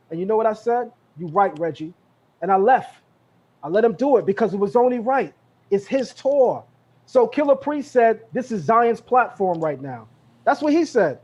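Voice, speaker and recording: A man's voice: very high voice, a little mellow, muffled recording. A man from Brooklyn, speaking emphatically on a live podcast and repeating his points with a confrontational edge. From Brooklyn, New York. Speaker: guest speaker. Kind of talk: heated live podcast talk.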